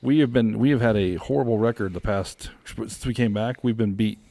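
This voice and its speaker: A man hosts a casual podcast, his voice on the low side, cracking crude jokes with his guest. The sound is dry and close to the mic. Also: fairly quick, gravelly, mellow, dry recording. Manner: joking, crude banter. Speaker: podcast host.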